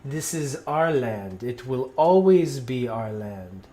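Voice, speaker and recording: A man voicing a stern, threatening male tribal chieftain who speaks slow, curt, broken English. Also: medium pitch, lively intonation, dark tone.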